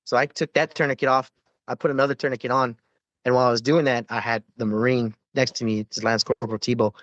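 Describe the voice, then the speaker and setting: A man's voice: medium pitch, flat delivery, quick pace, dry recording, highs cut off. A man, a former Navy corpsman, telling rambling war stories with lots of swearing and fillers in a casual podcast interview.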